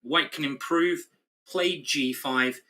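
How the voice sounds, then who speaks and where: A man's voice: a little high, takes it slowly, sharp tone. A man commentating live on a chess game, chatty and explanatory with his co-host. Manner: chatty, explanatory, laughs easily.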